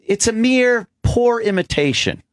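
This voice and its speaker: Slow, sarcastic radio co-host man. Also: very high-pitched, animated, no echo, clean studio sound. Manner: sarcastic, mocking, laughs often. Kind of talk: casual radio banter.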